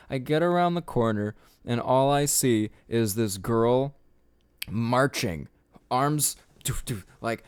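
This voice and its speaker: Young male podcaster, rambling storyteller, swears a lot, smooth low voice, dry close sound. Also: slow pace, no echo. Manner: casual, rambling, swears often, laughs at own story. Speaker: podcast host.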